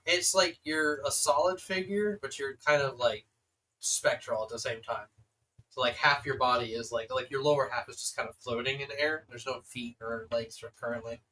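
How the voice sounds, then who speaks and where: A man's voice: mid-range voice, steady tone, normal speed, pushed and bright, distant mic, rough recording. A man narrating as game master of a tabletop game, rambling with many fillers.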